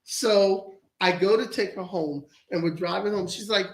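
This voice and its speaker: A man's voice: sits high, normal speed, hardly any pauses, echoey room, rough recording. A man co-hosting a podcast, telling a long personal story and acting out the voices of his family. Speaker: podcast co-host. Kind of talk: storytelling in casual studio chat. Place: podcast studio with live audience.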